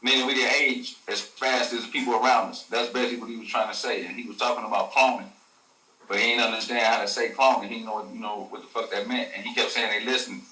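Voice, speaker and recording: A man's voice: lowish voice, fairly even intonation, fast, bright, forceful tone. A man, a guest telling a story in casual slang, full of profanity and acted quotes. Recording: echoey room, a bit far from the mic.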